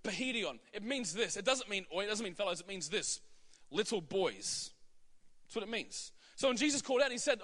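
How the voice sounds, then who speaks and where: Male preacher, high and bright-toned, emphatic, posing rhetorical questions. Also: lively intonation, a little fast, in a large hall. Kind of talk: sermon.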